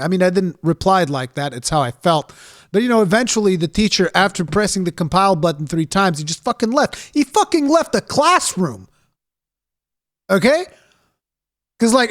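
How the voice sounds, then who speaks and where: A man's voice: high-pitched, a bit bright. A man giving a ranting reaction commentary, sarcastic, exasperated and full of profanity. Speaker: reaction streamer.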